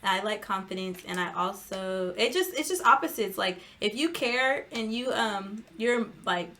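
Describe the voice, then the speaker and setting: A young woman as a guest on a casual talk show, speaking frankly with many fillers and quick laughs. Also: medium pitch, lively intonation, a bit bright, slight background noise. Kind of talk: casual chat.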